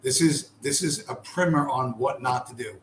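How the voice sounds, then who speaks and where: Over a screen-shared video, a man offers sarcastic, blunt remarks, swearing heavily throughout. He has a medium-pitched voice and a moderate pace, recorded in an echoey room with faint ambience and slight background noise.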